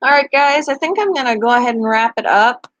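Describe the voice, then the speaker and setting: A woman's voice: on the high side, brisk, a bit bright, no room sound, dull audio. Chatty woman pet vlogger, dry sound. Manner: chatty, talks back to viewers' comments. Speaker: pet channel host. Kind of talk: casual live-stream chat.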